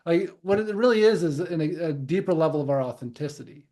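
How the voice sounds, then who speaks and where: A male podcast host talks reflectively, affirming his guest and unpacking ideas at some length. His voice sits fairly high for a man. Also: lively intonation, fast talker, dark tone. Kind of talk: casual conversation.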